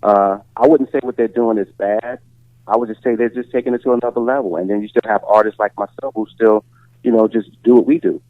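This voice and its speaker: A singer from Chicago giving a phone interview, speaking in a relaxed way with lots of "you know" and "uh". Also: male voice, lowish voice, a little fast, no room sound. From Chicago, USA. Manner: relaxed, filler-heavy talk with many "you know"s. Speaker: guest singer. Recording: tinny phone line.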